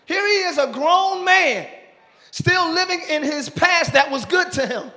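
High, bright-voiced preaching pastor. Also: male voice, animated, unhurried, big-room sound. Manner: preaching with call-and-response to the congregation; builds from conversational to loud shouting praise. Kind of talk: sermon. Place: church sanctuary with congregation.

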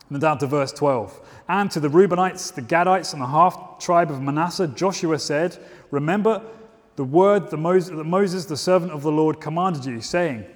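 A man with a slightly raised voice preaches at a church service, reading scripture and then teaching. He talks in an informal, self-deprecating way, full of asides and restarts. A long reverb hangs behind him, as in a church hall. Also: a little high.

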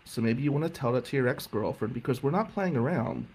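A man voicing a tough, protective middle-aged aunt who makes profane threats in a low, menacing way. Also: lively intonation, quick pace, a little mellow, slight background noise, low-quality recording. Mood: cold menace.

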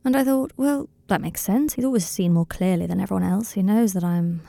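A woman voicing an earnest, tender young male wizard in an audiobook reading of a fan story, speaking in a softly confiding, slightly rambling way. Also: medium pitch, fairly quick, creaky, no room sound, lightly acted.

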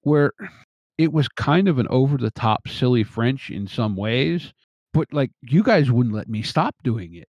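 Measured, thoughtful Pennsylvania man. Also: mid-range voice, animated, a little mellow, no room sound. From north central Pennsylvania. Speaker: podcast co-host. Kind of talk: casual chat.

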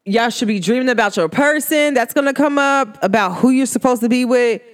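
A woman's voice: on the high side, a little fast, clear, resonant tone. A woman who reads energy and makes candles, talking bluntly and with animation in a casual podcast monologue. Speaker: spiritual reader and candle maker.

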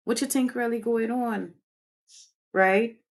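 A woman's voice: fairly even intonation, slow pace. Fired-up woman host ranting. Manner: fiery, preachy, swinging pitch up and down. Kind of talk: impassioned livestream commentary.

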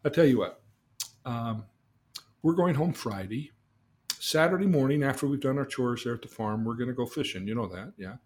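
A man's voice: mid-range voice, animated, moderate pace, a little mellow, a little hiss or hum, lightly acted. A man voicing an older grandfather on a farm, flustered and muttering to himself in a storytelling voice.

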